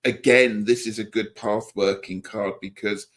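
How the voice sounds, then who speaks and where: A man's voice: fairly low pitch, fairly even intonation, a little slow, fairly bright tone. A man co-hosting a live tarot show, talking with enthusiasm about the stories in the cards. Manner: enthusiastic, storytelling. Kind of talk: casual chat on a live stream.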